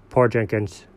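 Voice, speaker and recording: A man doing a dopey goofy dog. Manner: low, slow, dopey storytelling. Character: goofy big-hearted male dog, dim and cheerful. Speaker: podcast host figure.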